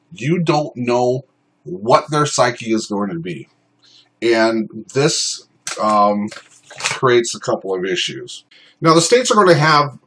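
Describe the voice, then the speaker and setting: A man teaching self-defense law in an unscripted, informal way, often pausing on ums and uhs. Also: medium pitch, poor audio. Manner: informal, many ums and uhs, shouts out acted commands in examples. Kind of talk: unscripted explanatory talk.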